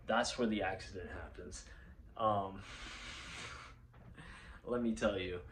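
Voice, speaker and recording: A man's voice: fairly low pitch, steady tone, slow, a bit bright, slight background noise, low-quality recording. A young man telling a personal story in a casual, rambling way, swearing freely, correcting himself and laughing often.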